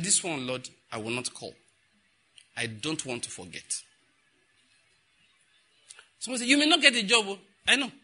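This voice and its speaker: A man's voice: on the high side, bright, forceful tone, husky. A man preaching a sermon, telling stories and acting out the dialogue. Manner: storytelling, acting out dialogue, frequent laughter.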